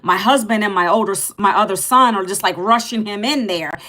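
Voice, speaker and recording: A woman in her fifties hosting a casual livestream, loud and passionate, rambling and emphatic as she repeats herself. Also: medium pitch, fairly quick. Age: 50s. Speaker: livestream host.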